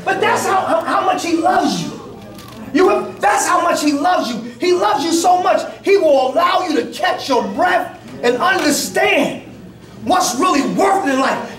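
A man in his forties preaching a sermon as pastor, with impassioned shouted peaks and laughter, calling out to the congregation. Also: extremely high pitch, very animated, moderate pace. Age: 40s. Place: church. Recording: echoey church from a distant mic, congregation audible. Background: congregation responding.

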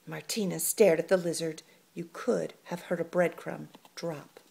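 A woman reading a children's story aloud, expressive and playful. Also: low-pitched, moderate pace, vocal fry, slightly rough.

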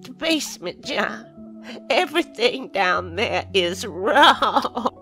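A man's voice: high-pitched, wildly swooping pitch, a little slow, gravelly, bright, forceful tone, faint music behind, voice pushed up, heavily acted. A man voicing a frail, forgetful old woman who wavers and drifts into distress in a horror story. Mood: distraught.

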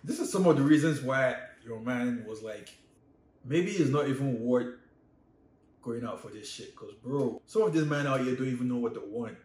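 A man's voice: mid-range voice, moderate pace, a little mellow, reverberant. A man commenting casually on videos, profane and slangy, laughing often between remarks. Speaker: streamer reacting to videos.

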